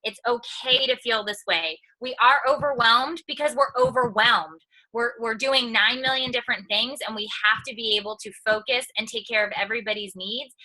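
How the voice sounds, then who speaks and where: This online video creator and mother tells funny, frank stories in a motivational livestream talk. The recording quality is poor, and her slightly high voice comes across bright and forceful.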